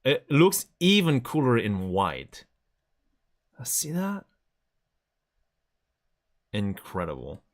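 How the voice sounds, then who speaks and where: A man's voice: mid-range voice, huge pitch swings, drawn-out words, pauses often. A man chatting casually on a live stream, enthusiastically showing items to the camera.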